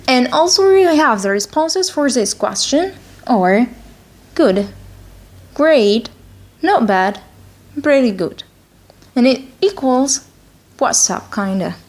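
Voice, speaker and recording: A woman's voice: on the high side, animated, slow pace, long pauses, darkish tone. A woman teaching an English lesson, whose first language is Arabic. She repeats phrases again and again for practice. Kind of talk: slow spoken English lesson with repeat-after-me drills.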